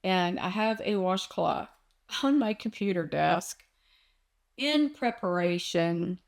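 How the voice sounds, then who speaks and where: A woman's voice: lowish voice, expressive, vocal fry. A woman talking in a personal vlog, distressed and close to tears, searching aloud for answers. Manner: distressed and searching, slow with many pauses. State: on the verge of tears. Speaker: vlogger.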